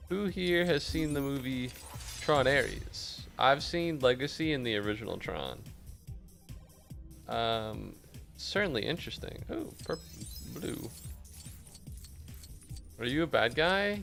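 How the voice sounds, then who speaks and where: Male streamer, gravelly voice, deadpan mock-serious banter over gameplay, game music behind. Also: medium pitch. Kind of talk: casual gameplay chat with viewers.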